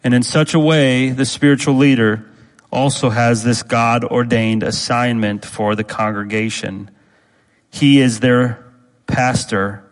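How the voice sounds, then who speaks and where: A man preaching a sermon as pastor, speaking deliberately and repeating key phrases for emphasis. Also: mid-range voice, long reverb tail, low-quality recording.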